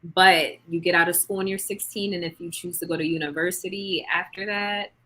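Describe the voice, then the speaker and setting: A woman's voice: fairly low pitch, steady tone, fairly quick, pushed and bright, faint music behind, poor audio. A woman raised in England, casually chatting as host and leaning on lots of filler words. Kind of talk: casual group chat.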